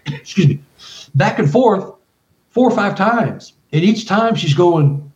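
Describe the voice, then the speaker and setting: A man, a guest researcher and author, telling an excited story full of quoted dialogue and restarts. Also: high-pitched, slow pace, pauses often. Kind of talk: animated storytelling. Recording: roomy, distant, dull remote audio.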